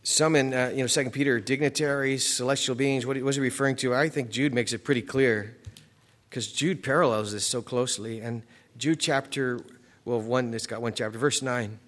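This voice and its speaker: Male preacher, mid-pitched, talky expository style, scripture read with building emphasis. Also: steady tone, a little fast, fairly bright tone. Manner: conversational, many restarts and "you know" asides; reads scripture aloud with rising emphasis. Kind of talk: expository sermon.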